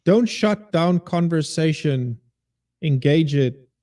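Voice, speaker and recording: Emphatic male guest with mellow voice. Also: fairly high pitch, animated, takes it slowly. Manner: emphatic, repeats points for force, preachy. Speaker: teacher guest. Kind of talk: casual podcast chat.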